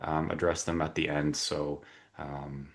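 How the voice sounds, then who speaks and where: A man's voice: rumbling low, flat delivery, unhurried. A man hosting a webinar on a video call, chatty and full of fillers and restarts. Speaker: webinar host. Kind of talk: casual webinar introduction.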